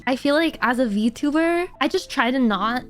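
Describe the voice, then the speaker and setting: Young woman streamer, chatty and giggly, slightly high voice over faint background music. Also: expressive, moderate pace. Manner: chatty and giggly, heavy on fillers. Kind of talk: casual chat with viewers.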